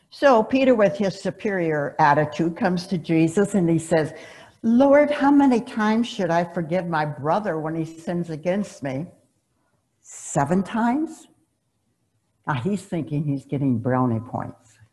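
A woman's voice: lowish voice, darkish tone. A woman pastor preaching a sermon in a conversational, emphatic storytelling way, over a video call. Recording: dull lo-fi video-call recording.

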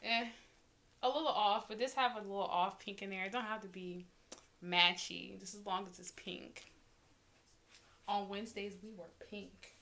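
Bright-voiced woman chatting through a haul. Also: mid-range voice, normal speed, gravelly, a little hiss or hum. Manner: chatty and excitable, talks straight to viewers. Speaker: vlogger. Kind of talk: casual unboxing haul vlog.

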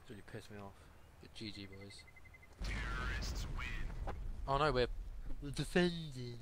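Brief: man gaming commentator, mid pitch, swears a lot, hyped callouts, noisy clicky computer-mic recording. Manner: excitable, swears freely, rapid callouts. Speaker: gamer recording gameplay. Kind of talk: casual gameplay commentary with team callouts. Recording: noisy, keyboard and mouse clicks.

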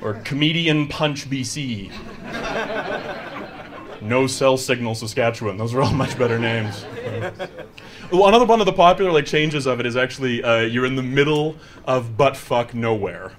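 Self-mocking stand-up comedian. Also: male voice, mid-range voice, moderate pace, crowd noise. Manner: chatty, self-mocking, acts out quoted voices. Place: comedy stage before a live audience. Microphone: handheld mic.

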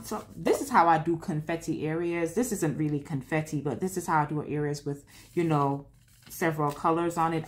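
A woman with a low voice talks in a loose, rambling way as she works on a craft at home. She is candid and talks half to herself. A faint hiss sits under her voice. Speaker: vlog host. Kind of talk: casual chat while crafting.

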